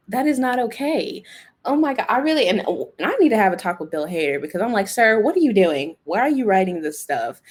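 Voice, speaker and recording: A woman's voice: mid-range voice, husky. A woman hosting a podcast, recapping a TV episode in a casual, chatty way and acting out the characters' lines. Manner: animated, acts out characters' lines, exclaims and laughs; chatty, lots of fillers like "like" and "you know". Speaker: podcast host.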